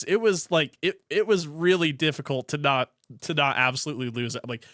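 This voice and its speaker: A man's voice: a little high, fairly quick, hardly any pauses, fairly bright tone, no room sound, clean studio sound. A man hosting a casual solo hockey podcast, rambling with frequent restarts and fillers. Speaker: podcast host.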